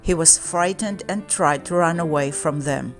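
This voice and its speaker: A woman with a fairly low voice reads a children's storybook aloud. Her telling is calm and measured. Soft music plays quietly in the background. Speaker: children's book reader.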